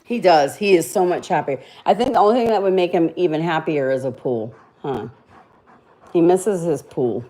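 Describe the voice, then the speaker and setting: A woman's voice: lowish voice, lively intonation, moderate pace, dark tone. A middle-aged woman, chatting casually with viewers on a livestream and laughing often at herself. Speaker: livestream host.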